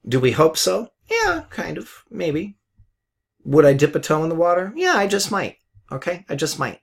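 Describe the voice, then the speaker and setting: Brief: middle-aged male forex mentor, blunt and profane, live market commentary, chatty with laughs, pitch rises and falls a lot. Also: sing-song, normal speed, gravelly, breathy edge. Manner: blunt, swears, repeats himself; chatty, laughs at his own jokes.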